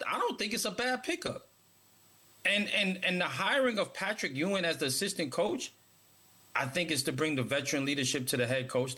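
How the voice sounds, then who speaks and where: A man's voice: mid-range voice, sharp tone. A man co-hosting a casual sports talk show, speaking emphatically and often repeating words as he starts his points.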